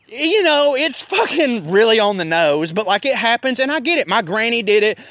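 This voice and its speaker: Man in his thirties, high-pitched voice, dry close sound, profane casual storyteller. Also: dry recording. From American South. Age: 30s. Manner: profane, animated storytelling with laughs. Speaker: podcast host.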